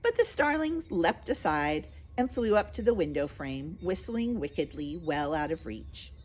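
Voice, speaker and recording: A woman reading a children's book aloud with an expressive, lilting manner. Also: lowish voice, measured pace. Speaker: storybook reader.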